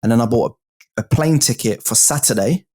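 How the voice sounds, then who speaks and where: Brief: man, guest, excitable storyteller, mid-pitched voice, salty and direct. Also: fairly quick. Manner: animated, swearing, addresses the host as bro and mate. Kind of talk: casual storytelling.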